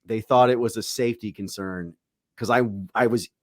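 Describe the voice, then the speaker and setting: Profane, animated male podcast host. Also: lowish voice, normal speed, no room sound, studio quality. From Tampa, Florida. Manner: profane, animated storytelling with acted quotes. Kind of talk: casual storytelling chat.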